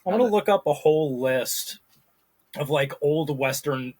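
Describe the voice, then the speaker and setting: Playful husky man with lively pitch. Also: a little slow. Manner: laughs often, playful. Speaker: podcast co-host. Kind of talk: casual podcast chat.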